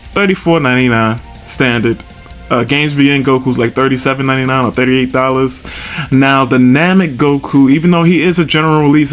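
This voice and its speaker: A man's voice: medium pitch, fairly bright tone. A man hosting a casual collecting video, chatty and self-amused, chuckling often as he talks through prices. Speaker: toy collector video host. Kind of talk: casual product walkthrough.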